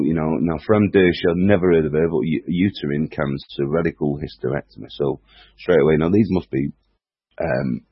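A man's voice: a bass voice, vocal fry, slightly rough, no echo. A man hosting a podcast in casual, rambling chat, joking and hesitating with many fillers. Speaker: podcast host. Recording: dull lo-fi dry audio.

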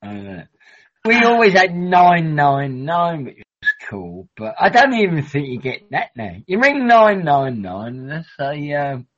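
High, lively man on lo-fi chat. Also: a little slow. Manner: rambling, jokey, sweary banter. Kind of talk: casual podcast chat.

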